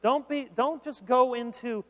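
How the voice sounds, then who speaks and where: A man preaching a sermon as pastor, conversational and animated, mixing humor with earnest appeals. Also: extremely high pitch, a little slow. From Michigan, USA. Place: large conference hall. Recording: long hall reverb.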